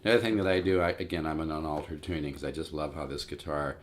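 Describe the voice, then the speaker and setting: A man's voice: extremely low pitch, fairly even intonation, fast talker. A man in his sixties giving a casual, rambling guitar lesson and calling his viewers "folks". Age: 60s. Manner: rambling, repeats words, addresses "folks". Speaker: guitar teacher. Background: acoustic guitar playing.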